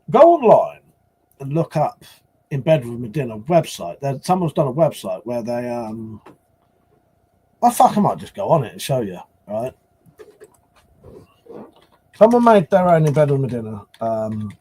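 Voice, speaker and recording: A man's voice: a little high, a little mellow, husky. Rambling, sweary man chatting live. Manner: rambling, sweary, reads and answers chat. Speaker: live streamer. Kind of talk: casual live stream chat.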